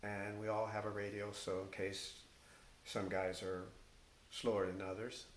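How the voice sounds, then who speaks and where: An older man tells a story in a halting, unhurried way, dotted with fillers and restarts, and livens up whenever he quotes someone. His voice carries an echoey room sound, with a faint hiss behind it. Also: lowish voice. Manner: halting, with many fillers and restarts, animated when quoting others. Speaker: retired firefighter recounting his career. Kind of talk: oral-history storytelling.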